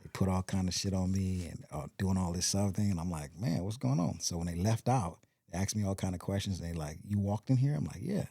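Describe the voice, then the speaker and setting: A man's voice: sits low, fairly even intonation, fast, hardly any pauses, dark tone, no room sound, clean studio sound. A man from Compton, a podcast guest, telling a long personal story in a rambling way and acting out the quoted voices. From Compton, California. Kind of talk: storytelling in casual interview.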